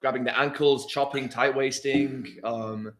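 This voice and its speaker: A young man in casual chat, relaxed and laughing easily, with some slangy phrasing. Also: medium pitch, measured pace. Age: young adult. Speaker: guest, host's son.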